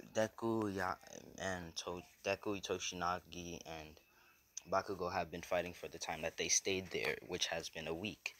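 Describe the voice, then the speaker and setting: A man's voice: deep voice, fairly bright tone. Young man rambling through a fan story. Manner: rambling, loose and unscripted. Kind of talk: casual fan story retelling.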